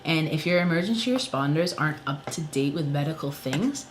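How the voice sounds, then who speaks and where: A man's voice: fairly high pitch, animated, brisk, hardly any pauses, slight background noise, poor audio. A man, a songwriter, ranting angrily in a casual vlog, swearing often and filling with "you know" and "like". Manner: angry, profane, many fillers. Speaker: songwriter vlogger.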